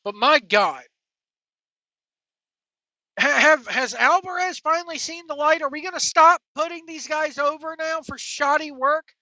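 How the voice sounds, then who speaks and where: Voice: high-pitched, a little slow, sharp tone, dry recording, lo-fi sound. A wrestling vlogger delivering a sarcastic, profane rant to viewers. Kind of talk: ranting commentary to camera.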